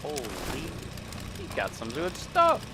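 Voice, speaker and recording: A man live-streaming a game, chatting casually with viewers, excitable and quick to swear. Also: medium pitch, background noise. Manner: excitable, swears freely, talks to chat. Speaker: gaming streamer.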